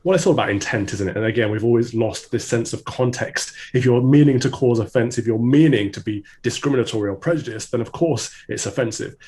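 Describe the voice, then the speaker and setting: A male commentator argues his case with brisk confidence. He talks quickly and presses each point with assurance. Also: mid-range voice, a little mellow. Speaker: commentator guest. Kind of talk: opinion radio debate. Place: remote link.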